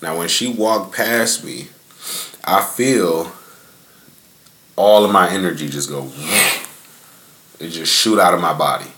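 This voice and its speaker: Young guy on a podcast, real low voice, cussing a lot and rambling, echoey sound. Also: slow, long pauses, bright, forceful tone. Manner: laid-back, profane, rambling with many fillers. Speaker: podcast host. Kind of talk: casual storytelling. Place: outdoors in a front yard.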